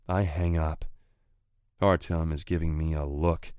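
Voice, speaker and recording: Male audiobook narrator, deep, slow, growling, dry close read. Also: level tone, darkish tone, clean tone, dry recording. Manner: growling, menacing. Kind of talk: first-person romance audiobook narration.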